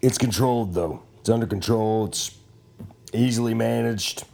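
A man's voice: fairly low pitch, moderate pace, gravelly, dark tone. A man hosting a podcast, rambling casually in a profane, joking, self-mocking way at home. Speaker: podcast host.

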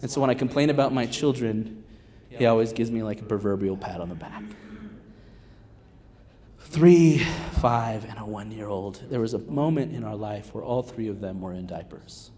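A man in his thirties preaching a sermon as a guest pastor, conversational and animated, swinging from loud calls to hushed asides. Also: on the low side, normal speed. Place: church sanctuary. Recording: long reverb of a large hall.

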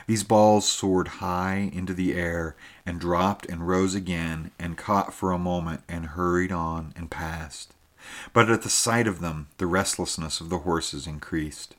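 A man narrating a story in a measured, steady reading. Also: low voice. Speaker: audiobook narrator. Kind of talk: scripted narration.

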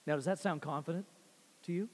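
A man preaching a sermon with animated delivery, swinging from loud rising phrases to quiet low ones and often repeating words. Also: fast. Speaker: pastor. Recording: long reverb of a large hall.

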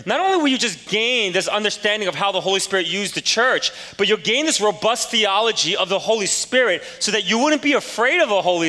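A man in his forties delivers a sermon in a relaxed, storytelling way, laughing at himself as he goes. His voice sits high and sounds bright and forceful. A long reverb from the church hall trails after his words. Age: 40s. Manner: casual storytelling with self-deprecating humor. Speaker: pastor.

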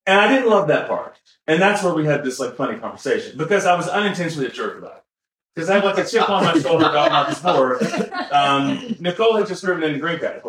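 A man's voice: fairly high pitch, fairly bright tone. Rambling man in a roomy echo. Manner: rambling, self-correcting, many fillers; chuckles while talking. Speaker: podcast co-host. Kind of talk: casual chat.

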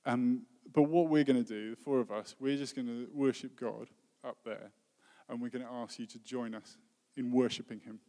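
A man, a worship leader giving an earnest, heartfelt sermon that often drops to a soft voice. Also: medium pitch, fairly even intonation, normal speed, hardly any pauses. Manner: earnest, heartfelt preaching with soft dropping phrases. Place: church hall. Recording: long reverb of a hall.

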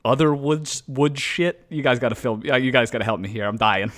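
A man's voice: mid-range voice, steady tone, fairly quick, fairly bright tone. A man chatting on a casual podcast with his co-hosts. He rambles, cracks jokes and drops swear words freely. His talk is loose and unscripted. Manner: joking, rambling, profane. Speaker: podcast co-host.

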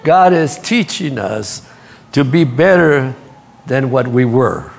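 A man preaching a sermon, telling stories with lively energy and speaking straight to his congregation. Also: mid-range voice, slow, creaky. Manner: animated storytelling, acts out quotes, laughs at his own stories; addresses the congregation directly. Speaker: pastor.

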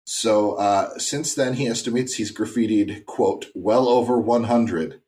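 Brief: low-pitched male co-host, laid-back, rambling delivery with fillers. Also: a little slow. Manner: relaxed, drifting into tangents with many fillers. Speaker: podcast co-host. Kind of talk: casual chat, reading news stories.

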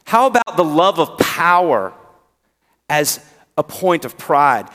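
A man with a Southern accent preaching a sermon, drawing out key words with pauses and swinging between loud emphasis and hushed tones. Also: a little high, big pitch swings. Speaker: pastor. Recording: long hall reverb.

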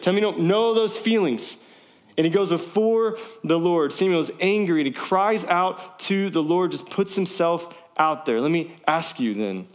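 Casual conversational male preacher. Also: fairly high pitch. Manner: conversational, asks the audience questions. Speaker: pastor. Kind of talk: sermon. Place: church service, also streamed online.

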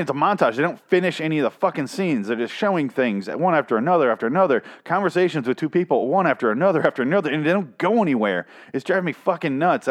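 Male podcast host with a mid-range voice, profane and sarcastic in a casual rant. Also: mid-range voice. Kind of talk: casual ranting TV review.

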